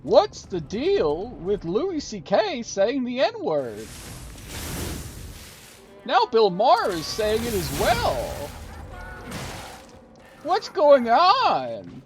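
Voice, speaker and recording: A streamer putting on a drawn-out, whiny impression of an observational comedian. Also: medium pitch, huge pitch swings, music in the background, pitched above the performer's own voice, heavily acted. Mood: mock-puzzled. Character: exaggerated comedian doing observational bits.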